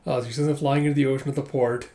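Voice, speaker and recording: A man's voice: medium pitch, fairly even intonation, rapid-fire, dark tone. A man chatting casually through a manga chapter, often laughing and swearing offhandedly. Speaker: manga reviewer.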